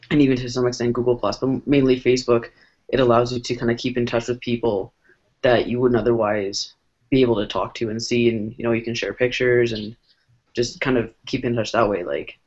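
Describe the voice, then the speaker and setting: A man's voice: mid-range voice, level tone, brisk, darkish tone. A man speaking as a guest in a casual panel chat, thoughtful and rambling, with many restarts. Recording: dull lo-fi sound.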